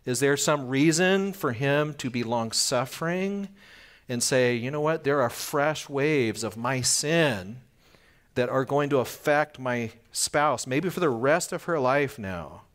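A pastor of medium pitch, with an expressive and slightly bright voice, gives a conversational sermon. He questions his listeners and brings little scenes to life with quick changes of voice.

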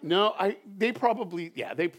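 A man preaching a conversational sermon at a church service, animated and chatty, often checking in with "right?". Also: high-pitched, moderate pace. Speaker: pastor.

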